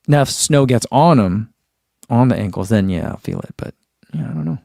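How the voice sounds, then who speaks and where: A man's voice: mid-range voice, expressive, normal speed, creaky, dark tone, no room sound, studio quality. A young man hosting a running channel, chatting casually and rambling as he shows products and reads viewer comments. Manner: easygoing, rambling, reads chat comments aloud. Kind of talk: casual livestream chat.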